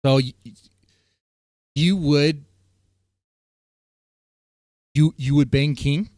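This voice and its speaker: A man's voice: on the high side, fairly even intonation, slow pace, a little mellow, dry recording, studio quality. Crude joking male stream host. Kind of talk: casual chat.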